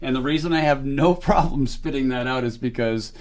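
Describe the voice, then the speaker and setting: A man's voice: medium pitch, fairly quick, darkish tone. A man co-hosting a casual product review show with his wife, teasing her and laughing often. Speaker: co-host of a product review channel.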